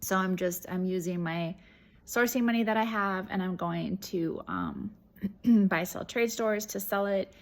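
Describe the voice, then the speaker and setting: A woman talks straight to her viewers in a loose, chatty vlog update. Her voice carries a gravelly fry, and she rambles with fillers and restarts. Her throat sounds a little irritated. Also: mid-range voice, a little slow. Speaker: reseller vlogger.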